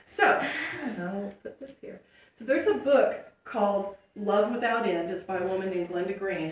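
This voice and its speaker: A woman's voice: mid-range voice, recorded from a distance. A woman giving a playful inspirational talk to a congregation, telling stories with laughter and acting out voices. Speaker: speaker. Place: church hall. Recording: echoey hall, speaker away from the mic.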